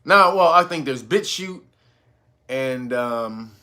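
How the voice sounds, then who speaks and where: A man's voice: lively intonation, bright, forceful tone. A man hosting his own channel, giving loose, profane commentary and laughing often as he talks. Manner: mocks a stiff, slow talker in a low voice. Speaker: channel host. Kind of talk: casual commentary video.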